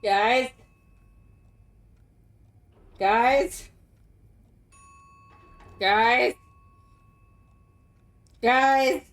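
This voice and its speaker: Excitable woman streamer, higher voice. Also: very slow, long pauses. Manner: excitable, gasping exclamations, swings between loud outbursts and mutters. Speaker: game streamer. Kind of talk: casual let's-play commentary.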